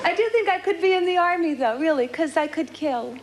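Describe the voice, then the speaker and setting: A woman performs wry, confiding stand-up in a high voice. An audience is clearly heard around her, and the old tape hisses. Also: expressive, fairly quick, a loud crowd. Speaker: stand-up comedian. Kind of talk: stand-up routine.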